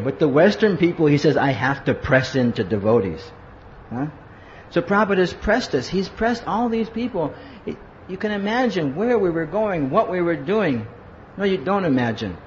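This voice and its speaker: A preacher with a slightly high, slightly mellow voice tells his sermon as a conversational story drawn from personal experience. He acts out what people said and often asks "huh?", and the hall recording is roomy and lo-fi with a hum.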